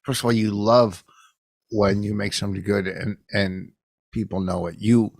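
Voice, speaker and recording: Gravelly man telling stories. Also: on the low side, flat delivery, normal speed. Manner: gruff, loud storytelling. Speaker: podcast co-host, comedian. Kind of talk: casual bickering chat.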